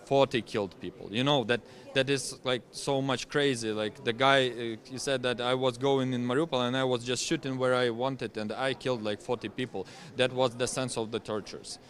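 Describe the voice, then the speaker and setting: A young man with a Ukrainian accent, a veteran guest speaking English as a second language in an interview, talking in halting phrases full of fillers and restarts. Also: medium pitch, fairly even intonation. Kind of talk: interview testimony.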